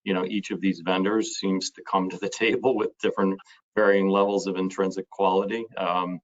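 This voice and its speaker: A man introducing himself on an online panel, thoughtful and halting with many fillers. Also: low-pitched, little pitch movement, lo-fi sound.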